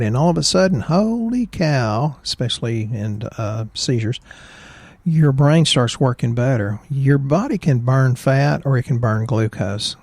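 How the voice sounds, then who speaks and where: A man's voice: mid-range voice, darkish tone, dry recording. A middle-aged man hosting a casual health podcast, opinionated and jokey, telling anecdotes as he talks. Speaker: podcast host, chiropractor.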